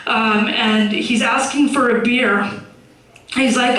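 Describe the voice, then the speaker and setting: A young woman doing a stand-up comedy set, blunt and swearing, deadpan about dark topics. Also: a little high, slow, heavy reverb, distant mic, low-quality recording. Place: comedy club stage.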